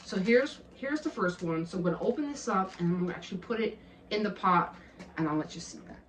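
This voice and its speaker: A woman's voice: medium pitch, expressive, quick pace, slight background noise. A middle-aged woman chatting to the camera at home as she films, gushing over her decor and often repeating herself. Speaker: home vlogger. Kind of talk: casual chat to camera. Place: at home, indoors. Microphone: handheld camera.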